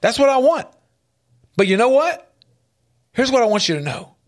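A man's voice: very high voice, sing-song, normal speed. A man hosting a faith-based motivational radio talk from a studio, earnest and emphatic, repeating key phrases for effect. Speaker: radio host. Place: radio studio with a large window.

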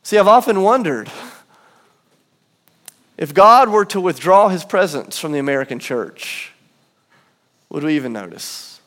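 A man's high, clear voice carries an earnest sermon. He builds with slow, weighty pauses, then sinks into quiet, low asides as he leads the room through his point. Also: sing-song. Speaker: pastor. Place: church auditorium.

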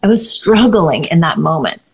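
A woman's voice: low-pitched, expressive, normal speed, vocal fry, slightly rough. A woman co-hosting a parenting podcast, explaining ideas in a thoughtful, casual advice chat.

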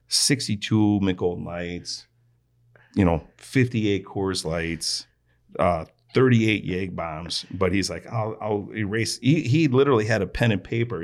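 A man, a restaurant owner guest, telling stories in casual podcast chat and acting out other people's lines. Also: lowish voice. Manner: animated storyteller, acts out quotes.

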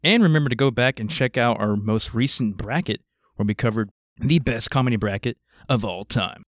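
A man's voice: mid-range voice, moderate pace, no room sound, studio quality. Laid-back male podcast co-host. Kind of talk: casual movie review chat.

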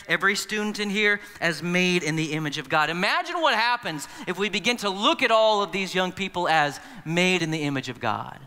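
A man's voice: fairly high pitch, bright, forceful tone. A man preaching a sermon as pastor in a church, conversational and acting out the voices he quotes. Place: church sanctuary. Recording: long reverb of a large hall.

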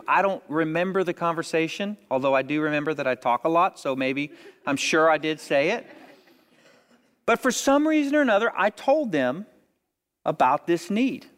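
A man with a somewhat high voice preaches to a congregation, telling his story like a chat with friends before building to emphatic appeals. His words ring out with the long reverb of a large church hall. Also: a bit bright. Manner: conversational, rising to emphatic exhortation. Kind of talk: sermon storytelling.

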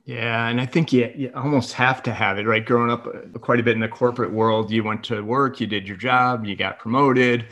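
A man's voice: medium pitch, fairly even intonation, fairly quick, hardly any pauses, a bit bright. Easygoing male podcast host. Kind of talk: casual interview chat.

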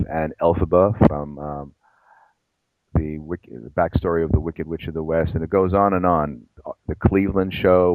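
A psychologist and professor being interviewed on a podcast, rambling with restarts and self-deprecating asides. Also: male voice, low voice, a little mellow, dry recording, poor audio.

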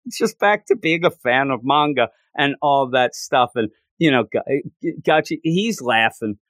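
A man's voice: medium pitch, animated, moderate pace, a bit bright, no room sound. A man co-hosting a casual podcast, animatedly retelling a manga chapter and acting out the characters' lines. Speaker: podcast co-host.

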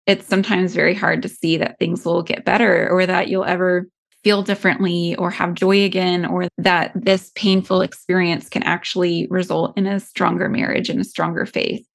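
Low gravelly-voiced woman host. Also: level tone, moderate pace. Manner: gentle, earnest, prayerful. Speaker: podcast host. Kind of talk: faith-based interview.

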